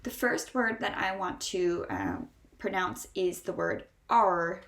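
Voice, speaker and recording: A woman with a Northeastern American accent teaching English pronunciation, sounding out model words slowly and repeating each one. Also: fairly low pitch, sing-song, fairly bright tone, roomy sound. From Northeastern United States. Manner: slow, drawn-out model words repeated three times. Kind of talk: pronunciation lesson.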